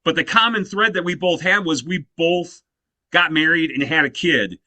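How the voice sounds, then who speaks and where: A man in his fifties with a slightly higher, bright and forceful voice, talking as an interview guest. He tells stories with lively animation and fills gaps with "you know". The sound is dry and close. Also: moderate pace, no echo. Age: 50s. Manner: animated storyteller, heavy use of "you know" fillers. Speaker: guest musician. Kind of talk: casual interview chat.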